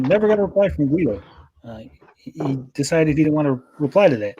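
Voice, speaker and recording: A man's voice: on the high side, lively intonation, fast talker, highs cut off, noisy background. A man co-hosting a casual podcast chat, reading out online posts with wry, sarcastic asides. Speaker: podcast co-host.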